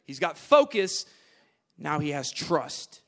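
A high-pitched man preaches a sermon. He drops into hushed, low asides, then surges into loud, emphatic declarations. He often repeats and restarts his phrases as he builds a point. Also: sing-song, slow pace.

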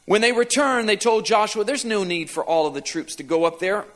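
A man's voice: high-pitched, brisk, fairly bright tone. A man preaching a sermon as pastor, retelling a scripture passage and driving home repeated refrains with rising emphasis.

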